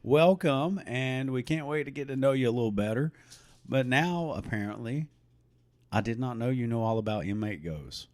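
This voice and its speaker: Middle-aged man, mid-pitched voice, playful podcast co-host, dry close sound. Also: a little mellow, no room sound. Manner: joking, playful, halting. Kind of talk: casual podcast chat.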